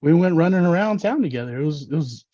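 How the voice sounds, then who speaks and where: A man from Texas with a warm, mellow voice telling laid-back, rambling stories and laughing at his own jokes. The sound is close and dry, on a slightly dull, lo-fi recording. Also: fairly high pitch, lively intonation, fast talker, no room sound. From Dallas, Texas. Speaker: guest. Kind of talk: casual storytelling chat. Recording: slightly dull, lo-fi podcast audio.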